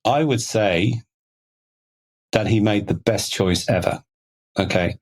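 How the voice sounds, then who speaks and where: Brief: middle-aged man, lowish voice, chatty interview guest, loose and rambling. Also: takes it slowly. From Liverpool, England. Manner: rambling, many "you know" fillers. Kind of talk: conversational storytelling.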